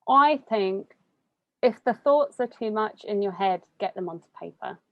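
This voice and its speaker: A young woman, chatting casually as an interviewee, full of fillers and quick laughs. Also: medium pitch, expressive, no echo, highs cut off. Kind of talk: casual conversation.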